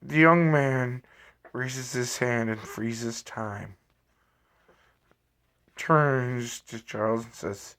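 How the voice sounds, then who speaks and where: Slow, halting man telling a story. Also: mid-range voice, a bit bright. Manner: halting, self-correcting. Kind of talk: improvised story narration.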